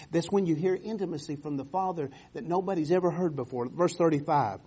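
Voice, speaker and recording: A man preaching a sermon with fervor, swinging from loud exhortations to soft, quiet passages. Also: sits high, breathy edge. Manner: fervent, rising to loud exhortations, dropping to soft tones.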